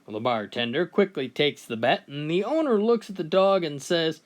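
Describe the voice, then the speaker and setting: Man, joke teller, folksy storyteller, lively swooping pitch. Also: normal speed. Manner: folksy storytelling, starts sentences with "well". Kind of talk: telling jokes.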